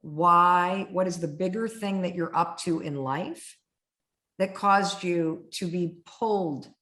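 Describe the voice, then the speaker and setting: A middle-aged woman hosting a candid podcast conversation, animated and blunt, acting out voices in her stories and swearing freely. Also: on the low side, slow. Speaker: podcast host. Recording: roomy echo.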